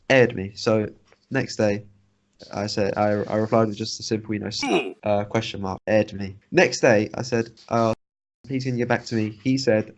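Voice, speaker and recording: Rambling and cursing, a young man co-hosting a podcast recounts an irritating story in relaxed conversation. He speaks on the low side at a moderate pace with a steady tone, captured in dull lo-fi sound.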